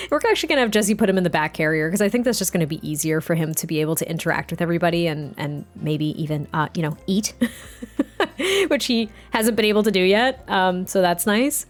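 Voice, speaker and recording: A woman's voice: on the low side, expressive, brisk, soft background music. Giggly woman narrating a life-sim game. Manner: chatty, giggly, rambling with fillers. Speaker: let's play host. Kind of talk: casual game commentary.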